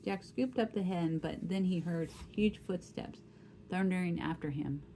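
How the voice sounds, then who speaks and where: A woman reading a children's story aloud, gently and expressively, adding sound effects as she goes. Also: lowish voice, normal speed, slight background noise, rough recording.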